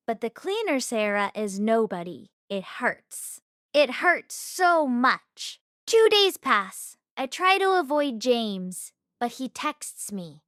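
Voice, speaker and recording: A woman tells an emotional story in slow, simple English, clear and easy to follow. Her fairly high voice moves up and down a lot, and it sounds dry and close to the mic. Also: a bit bright, dry recording. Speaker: narrator.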